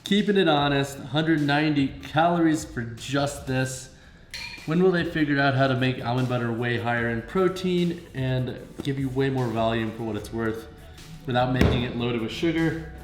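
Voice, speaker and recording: A man's voice: mid-range voice, normal speed, background noise. Young guy w a missouri accent vlogging in his kitchen, jokey, roomy echo. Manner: chatty, jokey, talks to the camera. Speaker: fitness vlogger. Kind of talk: casual vlog narration. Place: home kitchen. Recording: roomy home sound with faint music.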